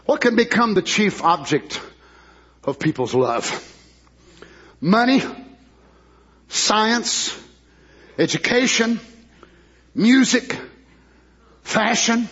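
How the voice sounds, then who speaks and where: A man preaching a sermon with fervor, climbing into shouted, rhythmic declarations and acting out voices of people in the story. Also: expressive, extremely slow, long pauses, husky, lo-fi sound. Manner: high, bright preaching voice, rising to shouted fervor.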